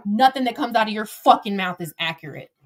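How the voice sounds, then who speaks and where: A woman's voice: mid-range voice, expressive, brisk. A middle-aged woman hosting a livestream, ranting in a combative, profane way and talking straight to her chat and her critics. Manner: talks to chat and absent critics directly. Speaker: livestream host. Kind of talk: heated livestream rant.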